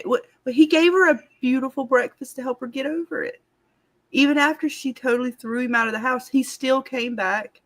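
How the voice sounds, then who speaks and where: A woman hosting a casual live-stream chat, rambling and laughing with lots of fillers. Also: on the high side. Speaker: channel host.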